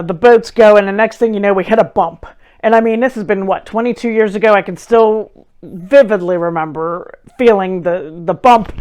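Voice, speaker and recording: Forties woman hosting her own show, smooth clear voice, dry jokey storytelling. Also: medium pitch. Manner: animated, wry, self-deprecating. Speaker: host. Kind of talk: casual storytelling monologue.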